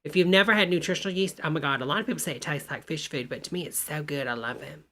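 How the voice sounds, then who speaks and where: A woman's voice: deep voice, racing, sharp tone. A woman hosting a live reaction stream, sassy and exclaiming, calling her viewers honey and y'all. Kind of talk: casual live commentary.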